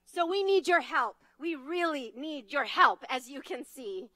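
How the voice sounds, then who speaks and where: Woman activist, high bright voice, dry close sound, urgent and emphatic stage speech. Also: a little slow, no room sound, low-quality recording. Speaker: advocacy leader giving a speech. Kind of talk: impassioned rally speech. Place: conference stage.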